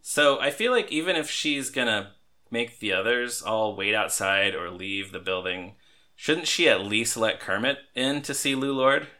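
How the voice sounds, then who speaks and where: A man hosting a podcast in casual, chatty talk, quick to laugh. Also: medium pitch, bright, forceful tone. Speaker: podcast host. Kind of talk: casual chat.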